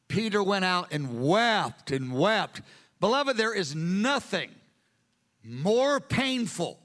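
A male pastor preaching a sermon with animated storytelling. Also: high-pitched.

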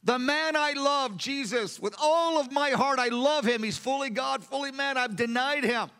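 A man's voice: normal speed, sharp tone, clear, resonant tone, exaggerated voice. A man acting out the apostle Peter as a frightened, panicked man in a sermon. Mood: grieving. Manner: panicked high-pitched denials. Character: frightened then grief-stricken male apostle Peter.

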